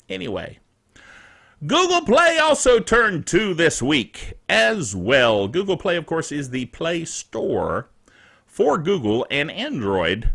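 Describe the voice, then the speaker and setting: A man's voice: on the high side, creaky. A man hosting a casual tech news show, reading the week's stories with jokey asides and chuckling at himself. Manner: animated, jokey, chuckles at his own asides.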